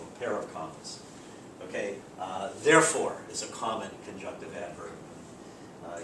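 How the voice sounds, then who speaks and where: A man teaching a grammar lecture in a relaxed way, reading out example sentences. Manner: relaxed, explains with spoken examples and fillers. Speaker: English teacher. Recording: echoey room, distant mic, background rumble.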